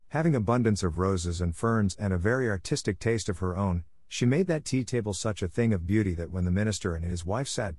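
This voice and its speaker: Low-voiced man reading a storybook. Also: a little mellow, no room sound. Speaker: audiobook narrator. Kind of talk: storybook narration.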